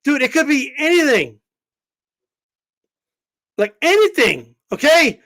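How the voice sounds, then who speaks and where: A man talking boxing in a casual vlog, animated and swearing, rambling with lots of fillers. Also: extremely high pitch, slow pace. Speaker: boxing commentator.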